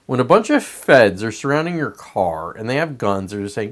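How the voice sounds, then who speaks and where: Man, host, political commentary monologue, profane, emphatic, mid-pitched voice. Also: big pitch swings, normal speed, few pauses. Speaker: podcast host.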